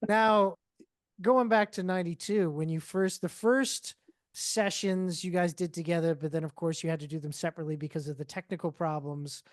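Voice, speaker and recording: A podcast host asking casual interview questions, laughing along and agreeing briefly. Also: male voice, on the high side, steady tone, normal speed, dry recording, studio quality.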